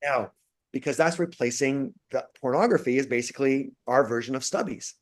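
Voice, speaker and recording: Lecturer guy on a podcast, animated, acts out the quotes, mid-pitched voice. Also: a little fast. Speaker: guest, university lecturer. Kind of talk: casual interview.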